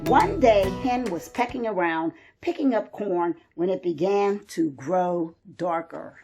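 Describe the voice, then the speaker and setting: A woman reading a children's picture book aloud, slow and expressive. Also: fairly low pitch, soft background music. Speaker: storyteller. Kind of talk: children's storybook read-aloud.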